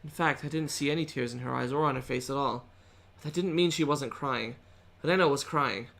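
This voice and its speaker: A woman streamer reading a visual novel's narration aloud in a subdued, measured way. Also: extremely low pitch, creaky.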